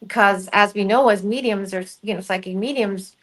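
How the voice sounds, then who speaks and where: Brief: middle-aged woman, guest medium, chatty storyteller who acts out quoted lines, mid pitch. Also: moderate pace, poor audio. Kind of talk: casual storytelling interview.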